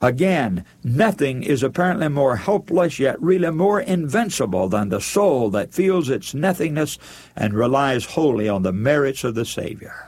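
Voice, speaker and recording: Husky-voiced man preaching a sermon. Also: medium pitch, lively intonation, a little mellow. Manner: earnest, measured preaching with emphatic rises.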